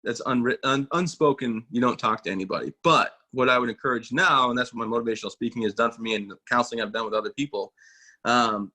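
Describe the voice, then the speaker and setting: A man's voice: medium pitch, fairly even intonation, fast talker, sharp tone. A man in his thirties, an army veteran, telling stories in a casual interview, folksy and self-mocking, acting out quoted voices. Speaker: guest, army veteran and motivational speaker.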